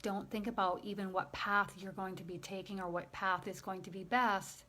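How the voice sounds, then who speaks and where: During a channeling session, a woman working as a spiritual medium passes on messages in a gentle, emotional way. Her voice is medium-pitched, flat in delivery and at a normal speed.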